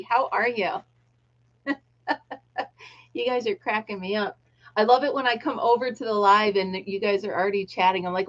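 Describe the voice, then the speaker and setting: A woman's voice: mid-range voice, normal speed, long pauses, muffled recording. A middle-aged woman casually chatting on her livestream, greeting viewers by name and laughing often. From United States. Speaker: livestream host. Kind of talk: casual chat.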